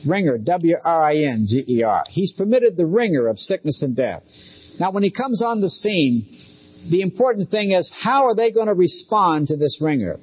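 A middle-aged pastor preaching in an easy, conversational way, often turning to ask his listeners questions. His voice sits a little high for a man and has a husky, breathy edge. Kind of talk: sermon.

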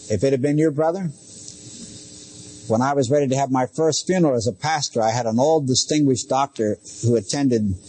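A man's voice: mid-range voice, darkish tone, slightly rough. A middle-aged man preaching a sermon as pastor, talking conversationally with asides and direct questions to his listeners.

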